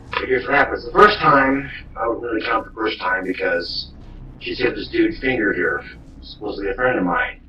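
A man's voice: on the low side, bright, forceful tone. A man telling a rambling, profane comedic story. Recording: dull, roomy, distant, faint hiss.

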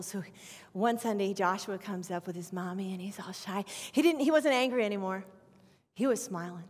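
A woman in her fifties, a children's pastor, preaching an animated testimony sermon. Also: medium pitch. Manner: animated storytelling with acted prayers. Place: church sanctuary. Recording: long reverb of a church hall.

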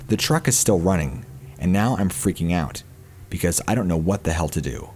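A man narrating a first-person horror encounter story in a steady, scripted storytelling delivery. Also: low-pitched, moderate pace.

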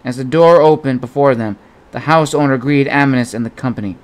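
A man narrating an adventure novel as an audiobook in a steady storytelling manner. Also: mid-range voice, a little fast.

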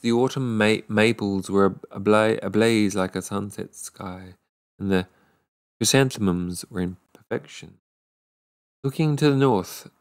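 Man, low voice, reading a fairy tale aloud, unhurried, frequent small stumbles. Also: creaky. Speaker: storyteller.

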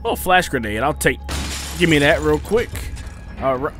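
Excitable young man narrating his gameplay. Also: on the high side, moderate pace, long pauses, husky, soft background music. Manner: jokey, excitable, yelps and shouts when attacked. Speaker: gaming YouTuber. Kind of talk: casual let's play commentary.

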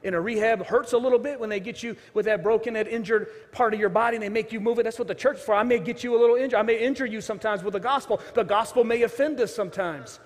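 Brief: high-pitched male pastor, storytelling sermon, swings from loud to hushed, long hall reverb. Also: fast, hardly any pauses. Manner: storytelling, acts out quoted voices, shifts from loud to hushed. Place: church sanctuary.

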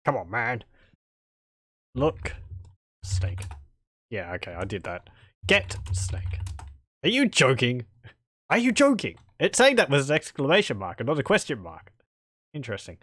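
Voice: mid-range voice, very animated, measured pace, long pauses, a bit bright, breathy edge, dry recording. A streamer doing let's play commentary, thinking aloud, speaking typed game commands and chuckling. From Australia.

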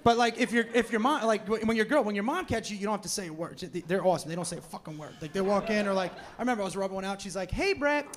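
A man's voice: high voice, racing, few pauses. Brash, profane man doing stand-up. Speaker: stand-up comedian. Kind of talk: live stand-up comedy. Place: comedy club stage in New York. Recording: noisy live club recording.

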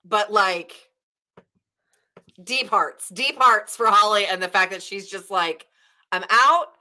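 A chatty woman talking through a book in a casual club discussion. Her voice is bright and forward, and her speech is loose and rambling, with "like" and "um" all through it. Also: mid-range voice, takes it slowly. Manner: chatty, many "like" and "um" fillers. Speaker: former literature teacher.

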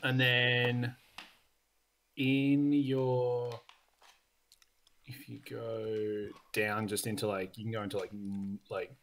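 Casual young game master narrating. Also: male voice, mid-range voice, little pitch movement, a bit bright, slight background noise. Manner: casual, filler-heavy, quick bursts.

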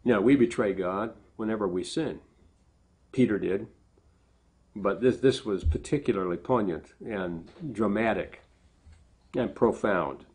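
A man's voice: fairly low pitch, unhurried, pauses often, husky. A middle-aged man giving a sermon, earnest and often correcting himself, voice rising as he quotes speakers. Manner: earnest, self-correcting, animated when quoting. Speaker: pastor.

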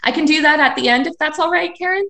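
A woman, a children's librarian, leading a live video session for kids with animated chants, songs and movement games. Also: high voice, quick pace. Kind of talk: kids' story and activity time. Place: home, live video stream. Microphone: video call. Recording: echoey room.

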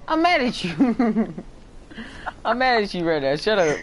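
Teasing, lively woman gamer. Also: medium pitch, slight background noise. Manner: loud, teasing and animated, drawn-out words. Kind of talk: casual gaming banter.

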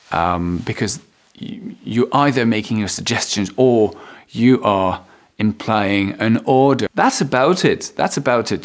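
A man whose first language is French, teaching English in a casual video lesson, relaxed and hesitant with many ums and restarts, lifting his pitch high when acting out example phrases.

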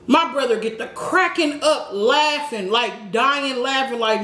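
A woman vlogger telling a slangy, animated story while eating, with shouted sound effects. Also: fairly high pitch, moderate pace, hardly any pauses. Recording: echoey room with faint background noise.

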